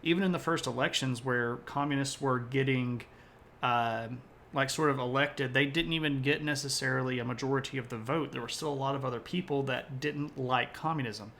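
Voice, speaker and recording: A man's voice: mid-range voice, steady tone, fairly quick, gravelly, fairly bright tone, slight background noise. A man lecturing on history during a live stream, rambling a little, correcting himself and tossing in joking asides.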